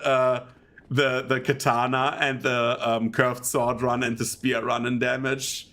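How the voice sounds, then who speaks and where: An unhurried, medium-pitched male voice with a German accent belongs to a young streamer commenting on his gameplay. He rambles casually, laughs a lot, and gets excitable in bursts.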